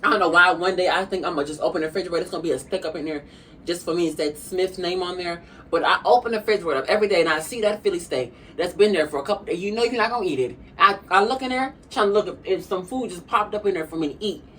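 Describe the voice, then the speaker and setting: A sassy young woman gabbing through a mukbang video, tossing "honey" at her viewers as she rambles from one thought to the next. Her voice sits a little low, and she sounds set back from the mic. A faint hum of the room runs underneath. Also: very fast, a bit bright, far from the mic, low-quality recording. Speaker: vlogger. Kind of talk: casual chat while eating.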